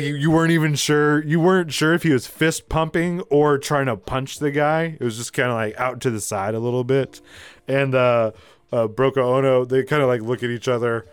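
A man's voice: medium pitch, clear, resonant tone, no room sound. A man narrating a tabletop game as game master, rambling with many fillers and laughing asides.

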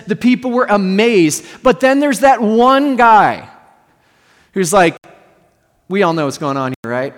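High-voiced pastor preaching in a reverberant hall. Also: male voice. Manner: storytelling with humorous asides to the audience. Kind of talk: sermon.

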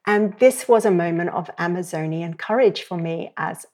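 A middle-aged woman speaking as a parenting educator in a podcast interview, telling stories in a lively way and acting out the voices she quotes. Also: fairly low pitch, normal speed. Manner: lively storyteller who acts out quoted voices.

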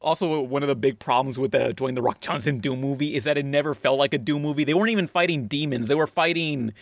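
A man's voice: medium pitch, fast talker, no echo. Crude joking man on a dry mic. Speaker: podcast host reading questions. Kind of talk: casual podcast chat.

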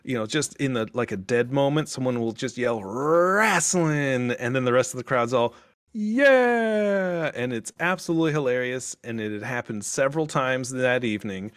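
A man telling a lively, swearing story in a casual podcast chat. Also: medium pitch, fairly quick, hardly any pauses, dry recording, clean studio sound.

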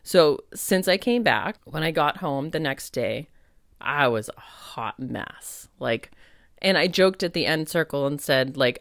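A rumbling low female voice speaks at normal speed in a dry, clean studio recording. Hosting a relaxed solo podcast, this spiritual medium is chatty and frank, leaning heavily on "like," laughing often and swearing now and then.

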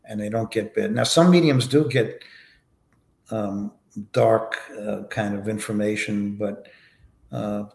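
A man as a podcast guest, answering interview questions in a relaxed, anecdotal way with many fillers. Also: fairly low pitch, takes it slowly, gravelly, roomy sound. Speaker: podcast guest, foundation vice president.

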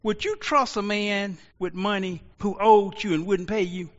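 A man preaching a sermon as pastor, rising to shouts and slowing into drawn-out pauses. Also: high-pitched, steady tone. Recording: lo-fi audio with long reverb.

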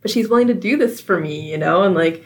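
A woman's voice: fairly low pitch, fast talker, a little hiss or hum, rough recording. Easygoing woman podcast co-host. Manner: conversational, lots of fillers like "like" and "you know". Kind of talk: casual film recommendation chat.

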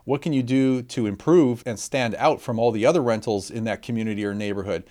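A man's voice: mid-range voice, a little fast, a little mellow. A man hosting a podcast, summing up his guest's story with enthusiasm and moving into his own example. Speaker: podcast host. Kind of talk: interview talk.

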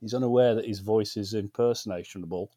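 A man's voice: fairly low pitch, fast, warm tone, dry recording. A man from the UK co-hosting a film podcast, talking in a sarcastic, laughing way. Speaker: podcast co-host. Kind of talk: casual chat.

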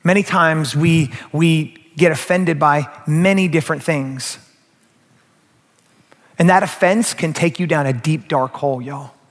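A man preaching a sermon as pastor, animated and speaking straight to the congregation. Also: fairly high pitch, measured pace. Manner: animated, acts out quoted voices, addresses the crowd directly. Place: church sanctuary. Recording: long reverb of a large hall.

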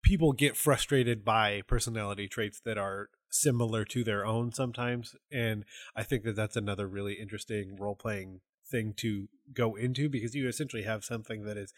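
A man's voice: fairly low pitch, no echo, studio quality. A man co-hosting a podcast, chatting in a wry, thoughtful way. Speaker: podcast co-host. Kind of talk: casual chat.

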